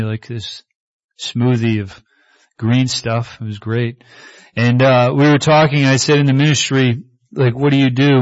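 A man preaching a sermon in a relaxed, conversational way, slipping in asides as he tells stories. His voice sits at an average pitch. The recording is slightly muffled and lo-fi. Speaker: pastor.

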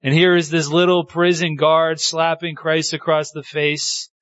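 A man's voice: a little slow, no room sound, muffled recording. A man preaching a sermon, telling the story with feeling and acting out the quoted lines. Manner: animated storytelling, acting out quotes with pitch swings. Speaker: pastor.

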